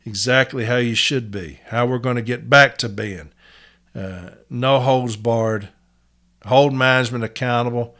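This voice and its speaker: A man's voice: mid-range voice, measured pace, fairly bright tone. A man hosting a podcast, telling a story in a blunt, profane, casual way and acting out the people in it. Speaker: podcast host.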